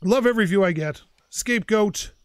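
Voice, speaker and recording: A man's voice: high-pitched, fairly quick, smooth, dry recording. A man hosting his own gaming channel, chatting and ranting in an opinionated way while he plays. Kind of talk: casual gameplay commentary.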